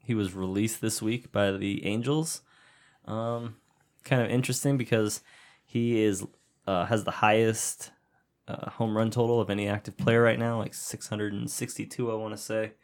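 A man's voice: on the low side, moderate pace. A man co-hosting a casual sports podcast, swearing often and joking around. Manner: swears often, jokey and animated. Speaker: podcast co-host.

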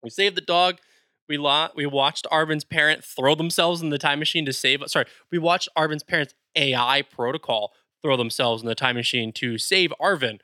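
A man's voice: a little high, normal speed, sharp tone, no room sound. A man co-hosting a podcast, eagerly retelling a video game's story in casual chat. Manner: enthusiastic, retells game scenes with quoted lines. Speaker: podcast co-host.

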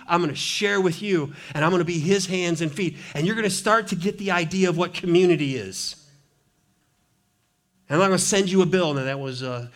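A male pastor preaching a sermon in a church, with a fairly high voice. He talks conversationally and works in playful asides. He swings from loud emphasis to hushed, intense lines. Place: church sanctuary.

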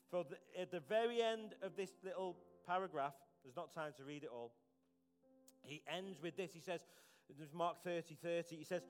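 A man preaching a conversational, earnest sermon as pastor, often repeating words. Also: a little high.

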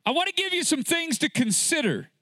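A male preacher delivers an emphatic sermon in a high voice that swings widely up and down. He takes his time, drawing out words for weight and firing rhetorical questions at the congregation. The sound is dry and close. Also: sing-song, fairly quick, bright, forceful tone, dry recording.

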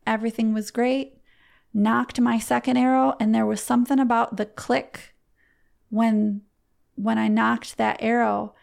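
A woman's voice: fairly high pitch, gravelly, darkish tone. A woman telling an emotional personal story in a heartfelt way. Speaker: guest.

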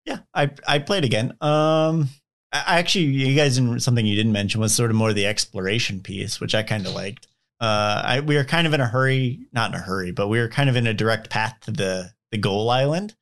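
A male podcast co-host in casual conversation. He talks hesitantly, often restarting his sentences, at an ordinary pitch. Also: brisk. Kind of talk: casual chat.

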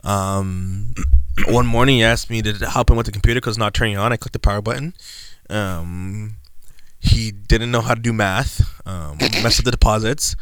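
A man's voice: fairly low pitch, normal speed, fairly bright tone, clean tone, no room sound, clean studio sound. A man hosting a casual podcast, rambling through stories and laughing often as he drifts off topic. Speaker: podcast host.

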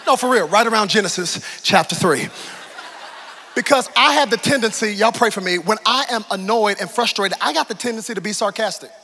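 A man preaching a sermon to a congregation, swinging from hushed near-whispers to loud, excited shouts, with humor and acted-out Bible scenes. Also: sits high, a little fast, slight background noise. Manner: acts out Bible scenes with put-on voices. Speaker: pastor.

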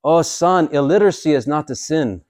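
A man voicing a kindly old Irish priest hearing a confession, speaking gently and like a father. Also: medium pitch, unhurried, smooth, no echo, studio quality, natural voice. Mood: fatherly.

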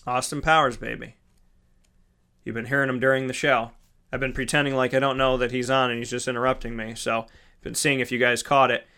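A man's voice: mid-range voice, little pitch movement, quick pace, sharp tone, smooth. A man hosting a casual solo sports talk show, chatty and rambling, correcting himself mid-sentence and calling his listeners folks.

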